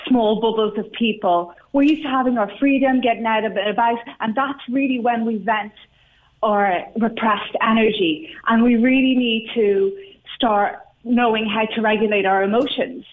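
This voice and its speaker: A woman's voice: a little high, moderate pace, slight background noise. A woman, a guest expert giving upbeat advice in an interview. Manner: upbeat, advising. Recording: tinny phone line.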